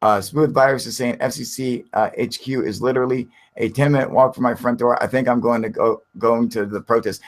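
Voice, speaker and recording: A man's voice: mid-range voice, fairly quick, few pauses. Profane, fired-up male stream host. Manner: heated, profane ranting. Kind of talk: casual live stream chat.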